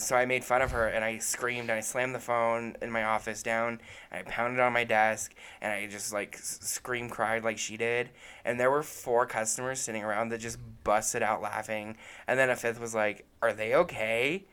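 A man's voice: mid-range voice, level tone, normal speed, fairly bright tone, clean tone. Man telling a heated work story. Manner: profane, heated storytelling, often trails off with fillers. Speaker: podcast co-host. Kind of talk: casual chat.

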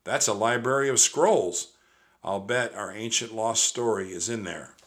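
A man's voice: fairly low pitch, unhurried, a bit bright. A man voicing a nervous, bookish young boy in a storybook reading, who stammers when scared. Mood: curious.

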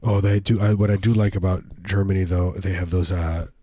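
Co-host for comic banter, low mellow male voice, rambling. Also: fairly even intonation, brisk, no echo. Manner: rambling, riffing with fillers. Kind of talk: casual comedic banter.

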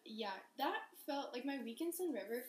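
A woman's voice: high-pitched, lively intonation, moderate pace. A young woman chatting casually with friends, full of fillers. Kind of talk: casual chat among friends. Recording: echoey room.

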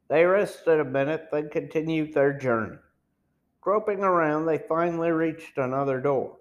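A man's voice: fairly high pitch, normal speed, lo-fi sound. A man reading a novel aloud as an amateur audiobook narrator, careful with small stumbles. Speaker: audiobook reader.

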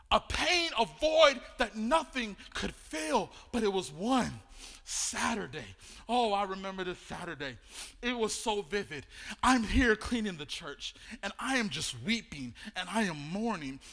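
High-voiced preacher in a ringing hall. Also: male voice. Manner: swings from hushed storytelling to shouted, sing-song preaching. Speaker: pastor. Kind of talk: sermon. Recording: long reverb of a large hall.

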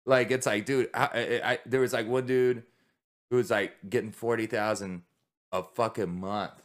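A man's voice: fairly low pitch, steady tone, normal speed. A man who is a military veteran, talking candidly in a casual podcast conversation, rambling with many restarts and swearing.

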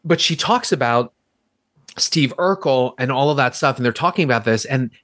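A man's voice: mid-range voice, animated, normal speed, a bit bright, dry recording, studio quality. A man co-hosting a podcast, retelling movie scenes in a rambling, exasperated way. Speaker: podcast co-host. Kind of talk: casual movie review chat.

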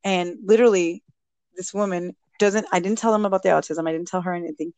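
A woman guest and mother telling a personal story in a casual interview, animated and acting out what people said. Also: fairly low pitch, fast, dry recording. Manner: animated, acts out quoted speech.

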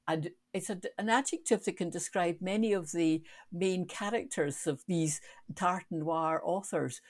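A woman's voice: lowish voice, measured pace. A woman co-hosting a podcast, explaining in a reflective way. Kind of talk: casual podcast chat.

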